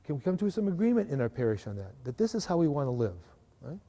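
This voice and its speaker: A man giving a lively live workshop talk to a parish group, often asking the audience to agree. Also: on the high side, quick pace. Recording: live hall recording with long reverb.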